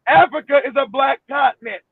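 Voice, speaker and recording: A man rants loudly with crude, animated outbursts, his voice high and gravelly. He comes through a dry, tinny, phone-like line. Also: a little fast, dry recording. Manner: loud, animated, profane ranting. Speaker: co-host. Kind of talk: casual chat.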